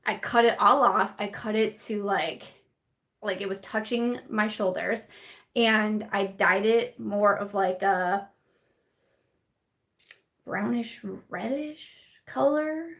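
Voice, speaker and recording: A woman's voice: medium pitch, slow pace, pauses often, a bit bright. A woman in her late twenties or thirties, a beauty vlogger hosting a casual live-stream chat, rambling with many fillers and restarts as she answers viewer comments.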